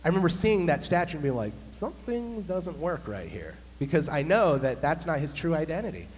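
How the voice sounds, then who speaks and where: A man, a pastor, telling a humorous story in an animated sermon. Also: on the high side, brisk. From United States. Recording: long hall reverb, faint hum.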